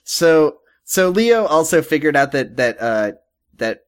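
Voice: medium pitch, very animated, unhurried, smooth. A podcast co-host recapping a TV episode in casual chat, joking and restarting sentences often.

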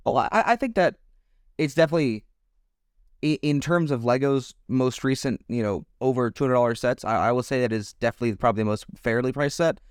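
A man's voice: medium pitch, fairly quick, smooth, no room sound, clean studio sound. A man co-hosting a podcast in casual chat, rambling and hedging his opinions with many restarts. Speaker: podcast co-host.

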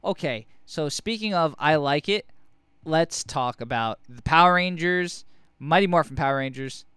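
Male co-host, very clean crisp voice, loose and jokey, curses freely, dry close-mic sound. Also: fairly high pitch, moderate pace, a bit bright, no echo. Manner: rambling, profane, jokey. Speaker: podcast co-host. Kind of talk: casual comic book review chat.

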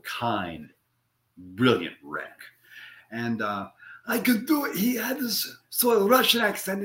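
An older man, an actor, talks casually in a rambling way and repeats his words as he gathers his thoughts. His voice sits a little low but sounds bright and forceful. The room around him is echoey. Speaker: actor guest. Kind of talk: casual interview.

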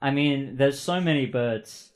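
A man's voice: medium pitch, a little slow, close to an everyday voice. Man doing a rambling Southern cab driver. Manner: meandering, easygoing small talk.

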